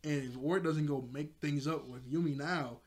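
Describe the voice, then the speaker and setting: A young video reviewer with a fairly high-pitched voice and a moderate pace casually recaps a cartoon episode. He rambles, uses lots of fillers, and laughs frequently.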